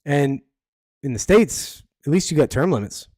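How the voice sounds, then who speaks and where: A man's voice: fairly high pitch, animated, normal speed, darkish tone, no echo, clean studio sound. A man hosting a podcast, rambling bluntly with plenty of fillers. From Canada. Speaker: podcast host. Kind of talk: casual solo commentary.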